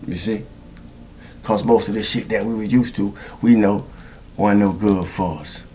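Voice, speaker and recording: Male spiritual speaker, lowish voice, repeats lines like a preacher, faint noise behind. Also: fairly even intonation, a little slow, warm tone. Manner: repetitive, preacherly, chuckles often, asks "you see?". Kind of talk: spoken spiritual monologue.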